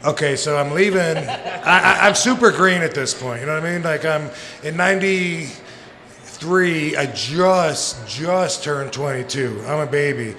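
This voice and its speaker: A man's voice: on the high side, unhurried, bright, forceful tone. Laughing man telling stories live. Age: 40s. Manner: rambling, profane, laughs often. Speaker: guest. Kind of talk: casual storytelling on a live podcast. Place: live show venue. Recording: live venue with long reverb and faint noise.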